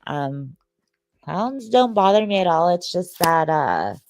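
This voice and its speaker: A woman's voice: on the low side, very animated, takes it slowly, a little mellow. A sleepy woman, hosting a livestream and chatting casually with viewers, rambling and joking. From Detroit, Michigan, USA. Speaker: livestream host.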